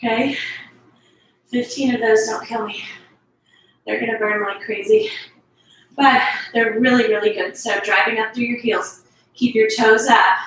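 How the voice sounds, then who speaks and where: A woman's voice: a little high, fairly even intonation, measured pace, pauses often, fairly bright tone, far from the mic. A woman leading a workout, encouraging and chatty as she counts reps and sighs between sets. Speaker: fitness instructor. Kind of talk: workout instruction. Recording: echoey room, voice from off-mic.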